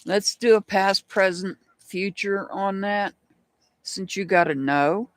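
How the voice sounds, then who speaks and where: A woman's voice: medium pitch, slow, no echo. A woman hosting a live rune reading stream, chatting casually and greeting viewers by name. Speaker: rune reader.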